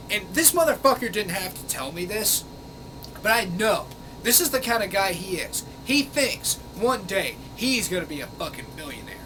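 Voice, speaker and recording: A high-pitched vlogger reads out a comment and rants at its author, angry, sarcastic and exasperated, swearing frequently. There's background noise in the recording.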